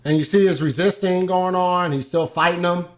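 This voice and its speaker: A young man talking through a video clip in an unscripted, casual way. He hesitates often, fills pauses with "um" and restarts his sentences as he goes. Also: high voice. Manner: hesitant, many ums and restarts. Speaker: host.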